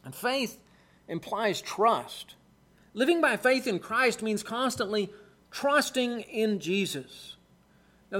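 A man's voice: high-pitched, a bit bright. A man preaching a sermon in an earnest, emphatic way, repeating key phrases for weight.

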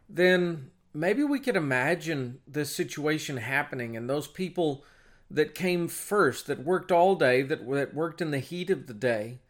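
A man reading a Bible passage aloud and then explaining it in a plain, conversational teaching sermon. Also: fairly high pitch. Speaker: preacher.

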